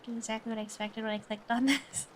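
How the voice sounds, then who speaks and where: A woman's voice: on the high side, steady tone, fast talker, slight background noise. Giggly woman streamer, chatty. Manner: giggly, chatty, breaks off often to laugh. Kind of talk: casual chat and reading aloud.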